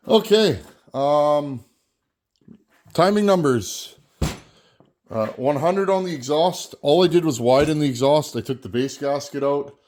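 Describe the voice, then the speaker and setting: A man's voice: mid-range voice, darkish tone. A Canadian man, host of a chainsaw channel, chatting casually and folksily to camera while working on a saw, often repeating a word as he goes. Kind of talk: casual workshop talk to camera.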